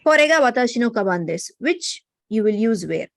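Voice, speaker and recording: A woman's voice: a little high, very animated, a little fast, dry recording, studio quality. A woman with an Indian English accent, teaching a Japanese grammar class. She explains patiently and keeps checking in with "no?" and "right?". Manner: explanatory, often tags sentences with "no?" and "right?". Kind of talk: online class lecture. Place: online class.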